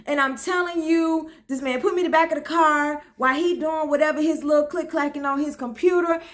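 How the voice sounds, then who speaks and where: A woman from Memphis, telling a funny personal story to her viewers in an animated, folksy way. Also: sits high, brisk. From Memphis, Tennessee. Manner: animated, talks straight to viewers with folksy asides. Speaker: storyteller host.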